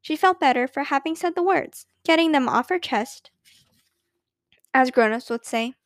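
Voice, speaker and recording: A woman reads a children's story aloud with an expressive, storytelling delivery. Her voice is high and light. The recording is close and dry. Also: moderate pace, no echo. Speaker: narrator. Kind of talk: scripted narration.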